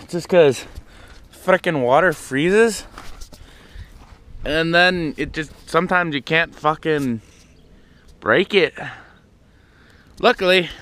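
Slow-talking man rambling through farm chores. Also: a bit bright. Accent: vague put-on accent that comes and goes. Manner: rambling and cursing, coaxes animals in a high voice. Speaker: vlogger. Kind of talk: casual vlog while doing farm chores. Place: outdoors on a farm, winter.

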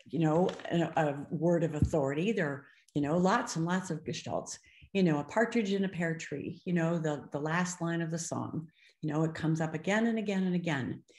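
A woman's voice: sits low, a little mellow. An older woman giving a webinar lecture as a speech-language clinician, talking expressively and slipping into other voices when she quotes children and parents. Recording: roomy echo.

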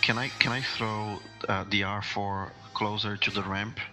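A man's voice: fairly low pitch, fairly even intonation, measured pace, over music. A man playing a tabletop game, earnest and a bit tentative in his questions. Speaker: player.

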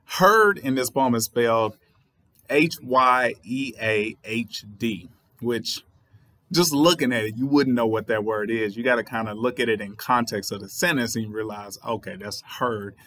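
A man with a Southern US accent talks through a poem he has just read, in a thoughtful, explanatory way. His voice sits in a middle pitch and sounds close and dry, with no room around it. He sometimes spells words out letter by letter. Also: unhurried, a bit bright, no room sound. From Southern United States. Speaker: writer and channel host. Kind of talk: poetry reading with commentary.

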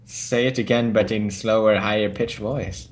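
A man's voice: lowish voice, steady tone, moderate pace, noisy background. A man teasing his friends while hunting them in a video game, swinging into mock-soothing talk. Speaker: gamer seeking hidden players. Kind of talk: casual gaming banter.

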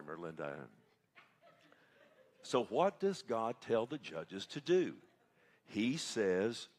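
A male pastor preaching a folksy, conversational sermon and often checking in with his congregation. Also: fairly low pitch. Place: church sanctuary.

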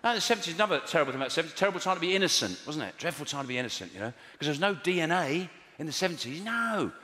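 Wry comedian in a reverberant venue. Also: male voice, rapid-fire. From England. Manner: wry, sardonic delivery with lively swings in pitch. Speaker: stand-up comedian. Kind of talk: stand-up comedy routine. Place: live comedy venue with audience. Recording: reverberant live venue with faint audience noise.

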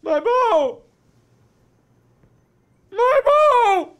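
A shrill, tearful figure sobs over a lost bow in a high falsetto. The wail is slow and wildly up and down, overblown and comic. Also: male voice, big pitch swings, fairly bright tone, heavily acted. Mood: sobbing.

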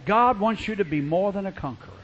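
A man preaching a revival sermon, fervent and storytelling, swinging from quiet asides to shouting and acting out the people in his stories. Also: sits high, animated, fast, dull audio, slight background noise.

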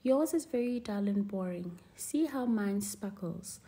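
A woman's voice: mid-range voice, animated, a little slow, mellow. A woman voicing a boastful, mean little male weaver bird in a storybook reading, showy and taunting.

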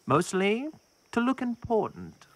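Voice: medium pitch, wildly swooping pitch, unhurried. An actor playing Herb, a sarcastic, complaining male talking skeleton in a horror-comedy short film.

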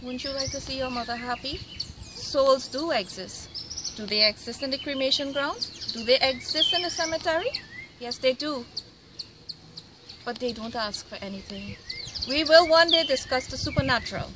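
A high-pitched woman gives an earnest spiritual address outdoors at a cremation ground. She pleads and repeats her words. Loud background noise and birdsong run under her voice. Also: moderate pace. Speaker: spiritual medium.

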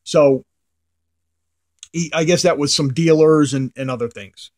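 A man's voice: fairly high pitch, a little slow, darkish tone. A middle-aged man, a comic art collector, casually telling a rambling anecdote to the camera, his voice trailing off into mutters at the ends of phrases.

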